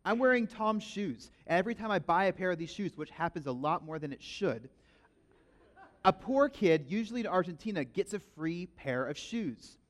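An animated man preaching a sermon, jumping into stories with emphatic energy. His voice is on the higher side for a man, and he leans hard into his big moments. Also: moderate pace. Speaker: pastor. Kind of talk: sermon with storytelling.

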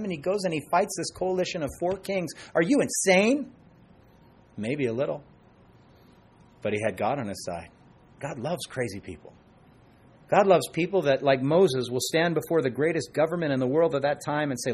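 Middle-aged man, husky pastor, animated sermon with soft asides. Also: a little high, fairly quick. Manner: animated, dips to soft asides, acts out quoted voices.

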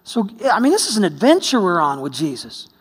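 A man from the United States preaching a sermon, telling a story, swinging between hushed and exclaiming. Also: sits high, huge pitch swings, fairly quick, breathy edge. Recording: long hall reverb.

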